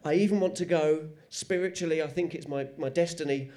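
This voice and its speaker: A man delivers a stand-up bit in a high, light voice. He is wry and animated, riffing for laughs on a comedy panel show. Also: fairly quick.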